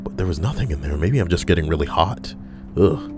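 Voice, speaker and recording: A man's voice: deep voice, animated, brisk. A man reading stories aloud for a video, with swearing and chatty side comments into a desk microphone. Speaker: online video host. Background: soft background music.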